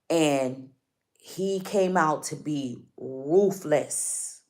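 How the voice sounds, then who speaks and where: A woman's voice: fairly low pitch, measured pace, darkish tone. A woman giving a casual spiritual card reading to her viewers. She speaks emphatically, repeats her points and often asks if they follow her.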